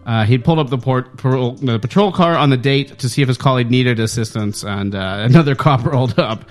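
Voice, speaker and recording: A man's voice: medium pitch, fast, faint music behind. A man co-hosting a comedic talk show, reading out a local news story with playful announcer flair and laughing asides.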